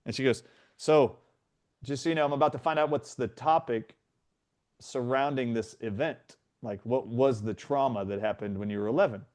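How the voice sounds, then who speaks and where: A man's voice: mid-range voice, normal speed. A middle-aged man, a guest in a conversation, earnestly retelling a personal story and acting out what others said. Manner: earnest, animated retelling with quoted voices.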